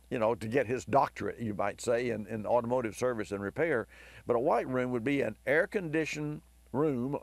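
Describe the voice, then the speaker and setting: A hoarse man hosting a car advice radio show, telling a long rambling story with enthusiasm. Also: medium pitch, no room sound. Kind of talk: talk radio monologue.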